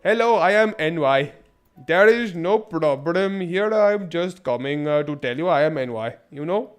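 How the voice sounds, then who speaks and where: A man's voice: fairly high pitch, expressive, measured pace, smooth, faint music behind. Mock scammer posing as a woman artist, Indian accent, exaggerated politeness, put on by a man. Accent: Indian English, put on.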